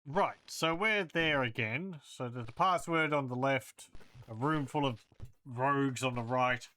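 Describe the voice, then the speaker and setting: Slow-talking man narrating his gameplay. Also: medium pitch, sharp tone, no echo. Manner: thinking aloud, reading game text and combat results. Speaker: let's play host. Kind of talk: casual gameplay commentary.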